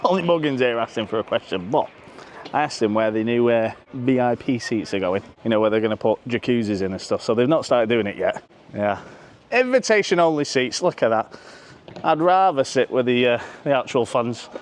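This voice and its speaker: A man talks to camera outdoors in a jokey, crude way, swearing freely. He is out of breath, and his voice sits at an ordinary middle pitch. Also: animated, brisk, a little hiss or hum. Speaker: vlogger. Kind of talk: casual chat to camera. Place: outdoors at a football stadium.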